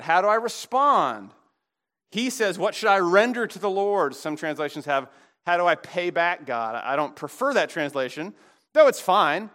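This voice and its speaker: A middle-aged pastor preaches with real animation, his high, bright voice leaping up and down as he acts out quoted complaints and prayers. His delivery is emphatic and conversational. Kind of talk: sermon.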